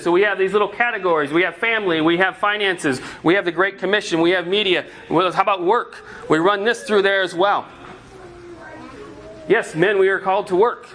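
A man's voice: sits high, fairly bright tone, slight background noise. A man preaching a sermon as pastor, asking the congregation earnest rhetorical questions.

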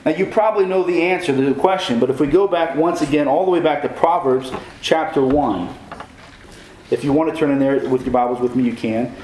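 A man's voice: a little high, a little fast, a little mellow, a little hiss or hum. Man preaching in an echoey room. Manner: preaching with questions to the congregation. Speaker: pastor. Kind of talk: sermon.

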